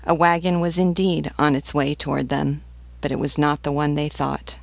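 A woman giving a steady audiobook reading of a novel as a literature teacher. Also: low-pitched, moderate pace, gravelly, no room sound.

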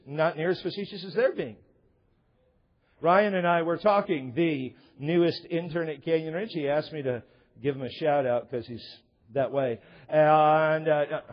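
Husky-voiced man preaching a sermon. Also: on the high side. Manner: sarcastic storytelling, then earnest Bible teaching. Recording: muffled lo-fi sermon recording.

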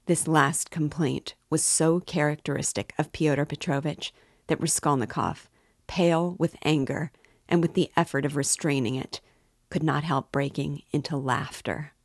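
Low-voiced woman reading a novel slowly, dry close sound, lifts her voice for the characters. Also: steady tone, no room sound. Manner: measured, lifts voice for quoted dialogue. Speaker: narrator reading a novel aloud. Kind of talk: literary read-aloud.

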